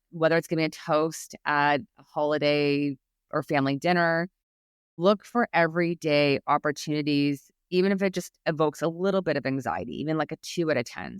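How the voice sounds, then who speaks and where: A woman's voice: low voice, clean tone, no room sound, studio quality. A woman guest expert on a podcast, talking about public speaking anxiety in an earnest, encouraging way, often restarting her sentences. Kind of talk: podcast interview.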